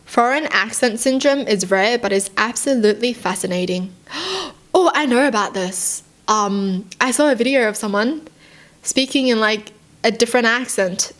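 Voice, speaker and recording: A young woman reacting to stories in casual commentary. She is excitable and curious, fires off quick questions and says "like" often. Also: on the high side. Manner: excitable and curious, heavy use of "like", rapid questions. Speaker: vlogger reacting to read-out stories.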